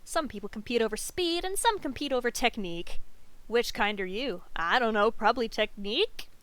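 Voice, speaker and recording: A woman's voice: a little high, lively intonation, normal speed, fairly bright tone, no room sound. A young woman from the Southern US with a light Southern accent, chatting casually and giggling often while streaming a game. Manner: chatty and giggly, rambling with many fillers.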